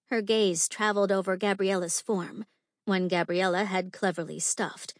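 A woman reading an audiobook in a measured, clear storytelling manner. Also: medium pitch, steady tone, dry recording, studio quality. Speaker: audiobook narrator. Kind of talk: scripted audiobook narration.

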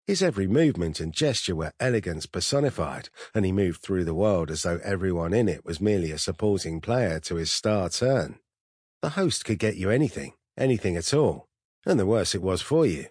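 A man reading a first-person story aloud in a dry, wry, measured way. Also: deep voice, darkish tone, breathy edge, no room sound. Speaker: audiobook narrator. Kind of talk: first-person scripted narration.

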